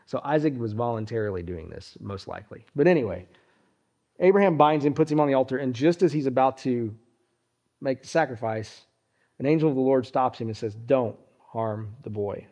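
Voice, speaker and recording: A male pastor preaching a sermon, speaking deliberately and addressing his listeners directly, with his voice often sinking low at the ends of phrases. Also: dark tone.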